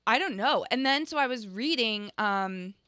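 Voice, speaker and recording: Brief: female podcast co-host, casual and giggly, crisp bright tone, no room sound. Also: fairly high pitch, lively intonation, moderate pace, no echo, studio quality. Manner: chatty, laughing often, many fillers. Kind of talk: casual political chat.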